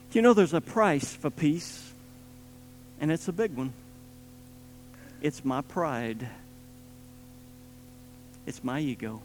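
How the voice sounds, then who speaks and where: A man preaching a sermon with emphatic delivery, swinging between loud stressed points and quiet low asides. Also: rough recording.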